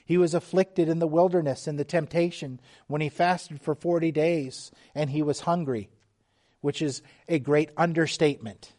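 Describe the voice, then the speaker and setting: A middle-aged man preaching a sermon, slow and emphatic, dropping suddenly to quiet, hushed lines. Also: fairly high pitch, steady tone. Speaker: pastor.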